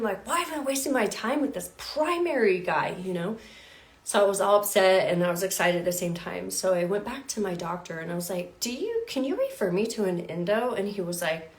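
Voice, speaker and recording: A woman in her thirties, a health coach, telling her own story to viewers in a lively, chatty way, full of fillers and acted-out quotes. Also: medium pitch. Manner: animated, acts out quoted voices, many fillers.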